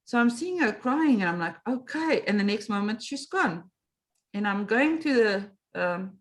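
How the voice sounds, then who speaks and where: A middle-aged woman, an interview guest telling a story and acting out her own reactions. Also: mid-range voice. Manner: animated, acts out her own past reactions and quotes. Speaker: meditation coach, interview guest.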